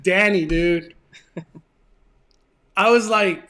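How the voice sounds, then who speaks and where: A Southern Californian man with a notably high voice hosts his own channel, telling his story casually, earnestly and with emotion. He often restarts his sentences, and his delivery is a little slow and a bit bright.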